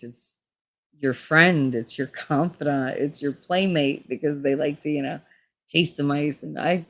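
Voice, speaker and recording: A middle-aged woman talking candidly in a casual, rambling monologue, laughing often and swearing freely. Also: low voice. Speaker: vlogger.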